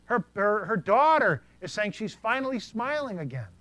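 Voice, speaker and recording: A man's voice: sits high, very animated, normal speed, bright, forceful tone, no echo, voice pushed up, full character voice. A man voicing an earnest female nursing home administrator in a slightly raised, urgent voice during a sermon story. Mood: earnest, amazed.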